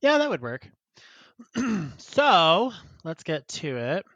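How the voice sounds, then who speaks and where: A man's voice: a little high, big pitch swings, takes it slowly, fairly bright tone, dry recording, muffled recording. Chatty giggly man on a podcast. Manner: laughs often, chatty and rambling. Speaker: podcast co-host. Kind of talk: casual chat, reading listener emails.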